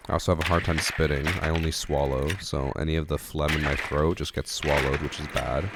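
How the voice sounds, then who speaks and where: A man's voice: rumbling low, little pitch movement, a little fast, very noisy. A congested male streamer chatting casually and wryly with his chat about a game. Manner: chatty, answers chat, wry.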